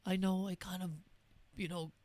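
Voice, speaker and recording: A man hosting his own podcast in a casual solo talk, his voice hoarse and worn from losing it, laughing at himself and now and then dropping to a whisper. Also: high voice, level tone, moderate pace, darkish tone. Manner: self-deprecating, laughs, drops to whispers. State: hoarse, lost voice. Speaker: podcast host. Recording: guitar music behind.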